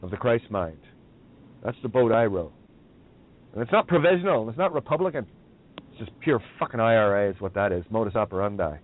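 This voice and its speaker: A man's voice: lowish voice, sing-song, a little fast, pauses often. Profane ranting man. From Northern Ireland. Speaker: radio host. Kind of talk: ranting talk radio. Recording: tinny phone-line audio, dry.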